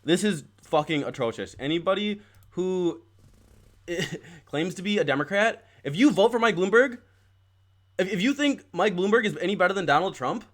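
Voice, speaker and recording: A man's voice: high-pitched, animated, normal speed, a bit bright. A man hosting a political talk stream, reading passages aloud and then ranting with heated, profane outrage. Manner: heated, profane, growing angrier; reads quoted text aloud, then riffs. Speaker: political podcast host.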